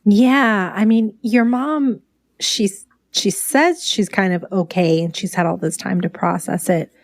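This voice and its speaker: A woman interviewer asks gentle, probing questions. Her voice is mid-pitched and recorded close and dry, with no room sound. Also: a little slow, dry recording. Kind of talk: podcast interview.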